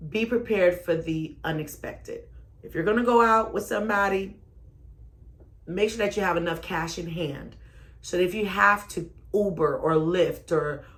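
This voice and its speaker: A woman, telling her own story with sass. She swings from loud, exclaiming bursts to quiet asides. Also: moderate pace. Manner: sassy, expressive, rising to loud exclamations then dropping low. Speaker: storyteller vlogger. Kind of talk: animated personal storytelling.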